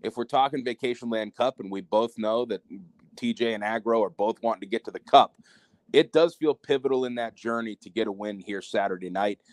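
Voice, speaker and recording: A man's voice: on the low side, brisk, no echo. A man co-hosting a wrestling preview show, talking candidly and with heat, sometimes swearing. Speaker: wrestling promotion co-host. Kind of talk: casual podcast chat.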